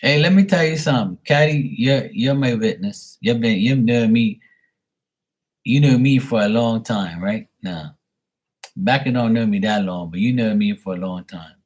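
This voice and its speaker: A man's voice: fairly low pitch, moderate pace, a little mellow. A man chatting casually with viewers on his live tarot stream, blunt and swearing freely.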